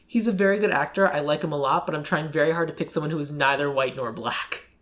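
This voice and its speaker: A podcast host in casual chat, talking loosely with lots of "like" and quick acted-out quotes. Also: mid-range voice, a bit bright. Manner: chatty, fills speech with "like", acts out quick quotes.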